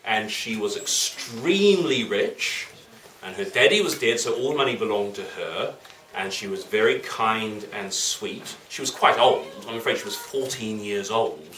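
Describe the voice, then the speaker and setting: A man's voice: lowish voice, animated, a little slow, a bit bright. Playful male storyteller for children. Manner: playful, asks the children questions. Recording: roomy, distant, faint noise.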